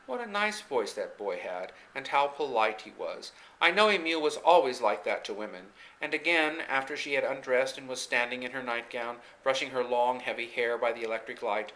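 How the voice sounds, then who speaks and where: A man reading a novel aloud in a clear, steady storytelling manner, recorded on a camcorder mic. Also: medium pitch, low-quality recording. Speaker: audiobook reader. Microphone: camcorder microphone.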